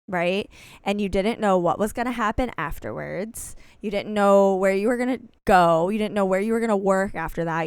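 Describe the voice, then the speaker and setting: A woman's voice: medium pitch, clean tone, no echo. A young adult woman hosting a solo podcast, talking in an earnest, encouraging and emphatic way. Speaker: podcast host.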